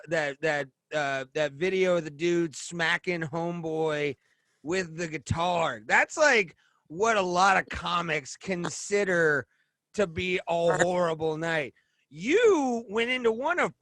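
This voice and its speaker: Slow-talking, bright male podcast host. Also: high-pitched, no echo. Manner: laid-back, profane, enthusiastic reactions. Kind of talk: casual podcast chat.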